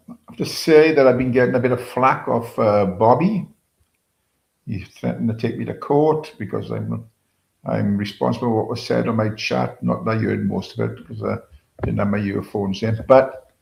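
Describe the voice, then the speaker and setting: With a fairly low, gravelly and somewhat mellow voice, a British man runs a casual live stream. He calls out viewers by name and meanders through his talk, full of filler words, against a roomy echo.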